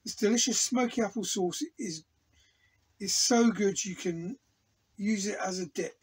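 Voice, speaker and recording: A man from England talks slowly in a high, slightly husky voice. He rambles happily and tastes aloud as he reviews a sauce from an indoor home studio. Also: poor audio. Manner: enthusiastic, rambling, tasting aloud. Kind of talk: casual product review vlog.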